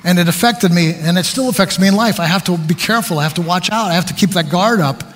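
A man preaching a sermon, telling stories about himself with animated, self-deprecating humor. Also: high voice, quick pace, big-room sound, slight background noise.

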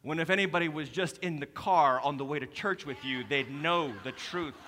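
A male lead pastor preaching a sermon, animated and joking, with sudden loud bursts and soft asides. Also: on the high side, moderate pace, a little hiss or hum. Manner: animated, jokey preaching with sudden shouts and drops to soft tones. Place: church sanctuary. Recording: preached in a hall with long reverb.

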